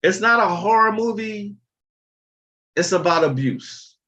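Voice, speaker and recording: A man's voice: sits high, animated, unhurried, sharp tone, muffled recording. A man hosting a casual livestream, talking bluntly and chattily and swearing freely. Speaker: livestream host.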